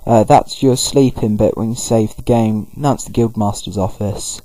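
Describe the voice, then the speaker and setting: A man's voice: on the low side, normal speed, dark tone, dry recording, poor audio. A man giving loose, rambling commentary over a video game playthrough. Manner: rambling, loose, full of fillers. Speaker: gaming video host. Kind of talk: casual let's-play commentary.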